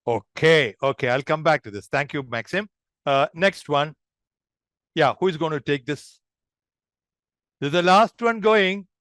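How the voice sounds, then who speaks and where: A man's voice: fairly high pitch, unhurried, pauses often, a bit bright, no echo, clean studio sound. A man leading an online public speaking workshop, demonstrative and addressing the group as friends.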